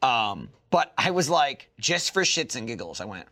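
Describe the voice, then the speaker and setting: A man co-hosting a podcast in casual chat, animated and profane, slipping into quick mock voices to make his point. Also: medium pitch. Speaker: podcast co-host.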